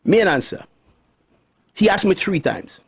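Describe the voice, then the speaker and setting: A middle-aged man with a lilt holds forth on the radio, his voice high and husky. He swings widely up and down as he preaches, hammering points home by saying them twice and dropping folksy asides. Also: very animated, a little slow. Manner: emphatic, repeats lines for stress, folksy asides. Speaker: radio talk host. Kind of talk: preachy radio monologue on health.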